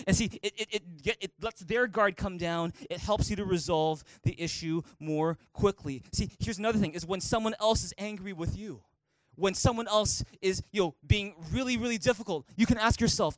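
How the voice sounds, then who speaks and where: A pastor preaching with a high, bright voice, recorded close and dry. He talks in an animated way and acts out the voices he quotes. The delivery is a sermon given in a church. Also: a little fast, no room sound. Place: church auditorium.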